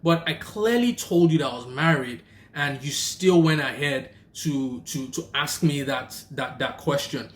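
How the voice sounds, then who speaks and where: A young Nigerian man with a Nigerian accent, telling a personal story and giving faith-based marriage advice in a lively, casual way. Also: medium pitch, measured pace, roomy sound. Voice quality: animated, acts out the people in his story. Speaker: vlogger and rideshare driver.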